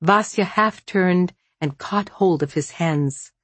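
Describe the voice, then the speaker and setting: A woman narrates an audiobook in a measured, even storytelling manner. Her pitch is fairly low, and the recording is dry.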